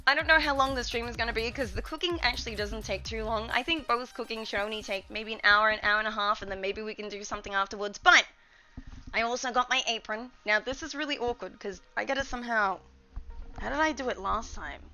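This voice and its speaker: A woman's voice: a little high, fast talker, bright, forceful tone, soft background music, poor audio. A young woman chatting casually with her live-stream chat from a home room, playful and talkative. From Australia. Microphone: desk mic, testing distances.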